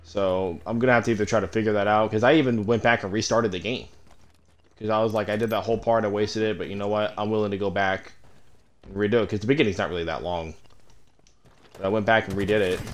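A man's voice: on the low side, fairly even intonation, fairly quick, long pauses. A man streaming a game, talking candidly and chattily to viewers, swearing offhandedly. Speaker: gaming streamer. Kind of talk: casual let's-play commentary.

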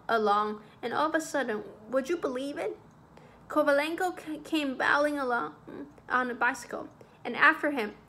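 Expressive woman reading a classic story. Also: high voice. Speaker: audiobook reader. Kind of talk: literary story narration.

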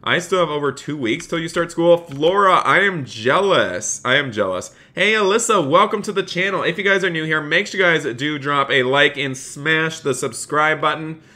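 A man's voice: on the high side, normal speed, hardly any pauses, bright, forceful tone. A man live-streaming a police role-play game, reading viewers' chat aloud and answering them while he plays.

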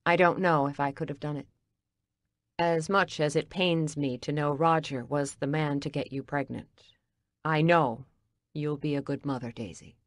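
A woman reading the lines of an earnest man who was once the heroine's lover, in a soft, hushed, low-key way. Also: steady tone, moderate pace, no room sound, clean studio sound, close to an everyday voice. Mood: tender.

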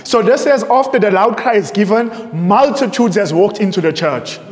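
A man's voice: high-pitched, lively intonation, moderate pace. A man preaching a sermon, reading from printed sources and repeating his points with rhetorical questions. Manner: emphatic, repeats phrases, asks rhetorical questions. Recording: echoey room with long reverb.

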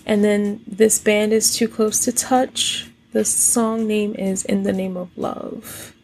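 Creaky-voiced woman reading tarot. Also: mid-range voice, level tone, a little hiss or hum. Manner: reads song lyrics aloud in a quick, soft recital; straightforward, musing, rhetorical questions. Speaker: tarot reader.

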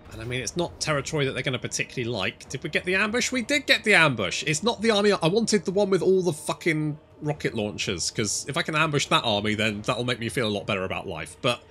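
A man giving casual, excitable, sweary commentary over his strategy game. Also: on the high side, fast talker, few pauses, soft background music. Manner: excitable, sweary, talks to units. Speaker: gaming channel host.

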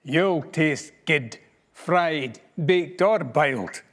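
A man voicing a big, hungry, gullible male monster with a gruff Scottish accent in a storybook reading in Scots. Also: a little high, expressive, extremely slow. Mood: menacing.

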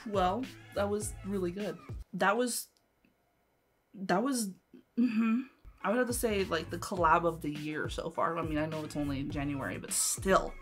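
A woman reacting to a music video, gushing with quick exclamations and casual asides. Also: lowish voice.

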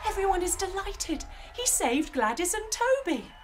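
A woman's voice: very high voice, big pitch swings, moderate pace, loud music behind the voice. A woman leading a kids' yoga session as a storyteller, playful, with sound effects and animal noises. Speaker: kids yoga teacher and storyteller.

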